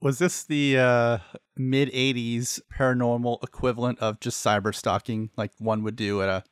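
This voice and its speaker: A man co-hosting a casual podcast, talking about a TV show in an easygoing, agreeable way. His voice sits in a middle pitch and he laughs along often. The sound is dry and close to the mic. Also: level tone, moderate pace, smooth, no room sound. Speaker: podcast co-host. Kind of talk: casual recap chat.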